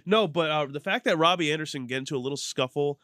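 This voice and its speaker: A man co-hosting a sports podcast in casual, profane, animated banter. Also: a little high, fast talker, dry recording, clean studio sound. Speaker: podcast co-host.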